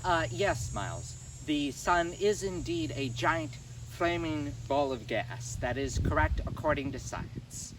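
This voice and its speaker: A man voicing an eager, earnest young male game show contestant who keeps saying how excited he is and answers in a fussy, formal way. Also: fairly high pitch, slow pace, few pauses. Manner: overexcited, repeats himself, fussily formal. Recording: distant mic with noticeable noise.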